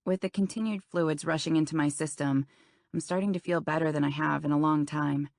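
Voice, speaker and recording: Romance audiobook narrator, young woman, low and gravelly, intimate first-person read. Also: fairly even intonation, fairly quick, a little mellow, no echo, clean studio sound. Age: young adult.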